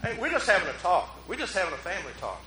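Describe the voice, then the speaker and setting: A man preaching a relaxed, conversational sermon as pastor, joking at his own expense and drawing in the congregation. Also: high voice, rapid-fire. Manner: joking, self-mocking, talks with the congregation. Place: church. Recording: roomy hall echo.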